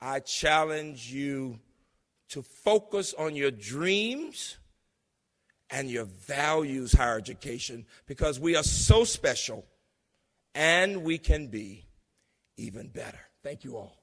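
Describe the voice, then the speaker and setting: A man's voice: medium pitch, animated, a little slow, a bit bright. A man in his sixties giving an emphatic, story-filled conference speech as a university president, recorded in a large lecture hall. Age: 60s. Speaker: keynote speaker, university president. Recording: long reverb of a large hall.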